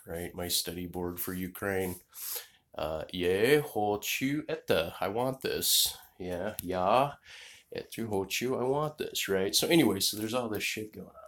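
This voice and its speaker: A low-pitched man spins a long travel tale, jumping between tangents and swearing freely. He talks casually to the camera and keeps circling back to his point. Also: measured pace, a bit bright. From United States. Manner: digressive, profane, loses his train of thought. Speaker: vlogger. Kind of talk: rambling travel story.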